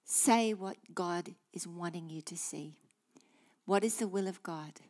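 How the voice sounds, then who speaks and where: A woman's voice: on the low side, a little slow. Emphatic New woman preaching. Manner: emphatic, declarative, with sudden hushed asides. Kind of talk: sermon.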